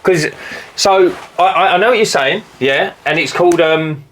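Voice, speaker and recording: A man's voice: fairly high pitch, normal speed, slight background noise. A man, co-hosting a casual podcast chat about running a cleaning business, telling stories animatedly. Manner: animated storyteller, acts out customers in silly voices.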